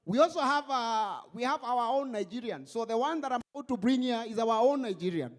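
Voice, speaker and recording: A man hosting a stand-up comedy show on stage, animated and mixing English with Swahili. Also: very high-pitched, a little fast, hardly any pauses.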